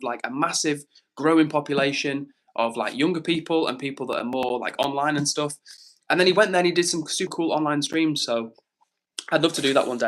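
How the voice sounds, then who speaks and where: A man's voice: medium pitch, a bit bright. A young man, chatting casually on a live stream and reading viewer comments aloud in an upbeat, slangy way. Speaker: livestreamer.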